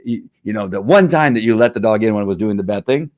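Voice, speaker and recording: A man who trains dogs, answering viewer questions in a rambling, animated way. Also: on the low side, fast, dry recording, studio quality. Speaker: dog trainer. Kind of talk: casual Q&A talk.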